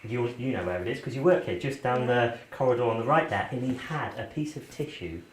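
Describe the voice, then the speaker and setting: A man's voice: mid-range voice, lively intonation, a little fast. A man performing as a magician, joking cheekily with a volunteer during a live show at an indoor venue. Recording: echoey room with faint hiss.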